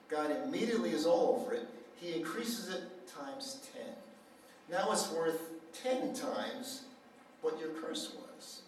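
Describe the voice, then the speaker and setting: A man preaching at a healing center, telling a story and acting out the dialogue. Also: on the high side. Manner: animated storyteller, acts out quoted dialogue. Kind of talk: sermon with storytelling. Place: church hall. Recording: echoey hall, mic far off, faint noise.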